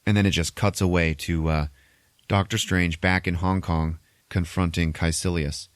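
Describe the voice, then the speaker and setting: A man hosting a podcast, recapping a movie in a casual, animated way, swearing freely and laughing often. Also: sits low, normal speed, no room sound, studio quality. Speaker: podcast host.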